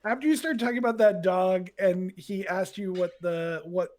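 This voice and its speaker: High-voiced teasing man. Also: normal speed, a little mellow. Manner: teasing, laughing. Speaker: game-night guest player. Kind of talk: casual chat among friends.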